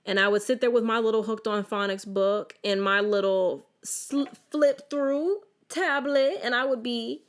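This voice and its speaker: A young adult woman hosting a casual solo podcast, telling animated stories with lots of restarts. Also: fairly high pitch, measured pace, hardly any pauses. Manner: animated, chatty storytelling with many restarts. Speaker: podcast host.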